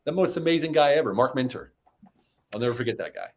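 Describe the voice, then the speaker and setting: Fast-talking man telling a story. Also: slight background noise. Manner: animated, rises high when acting out quotes. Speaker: podcast guest. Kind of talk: casual storytelling.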